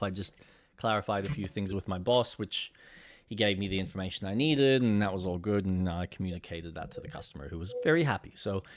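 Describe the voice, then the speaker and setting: Swearing low-voiced young man, casual chat. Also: dry recording. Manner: swears freely, acts out quoted people. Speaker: podcast co-host.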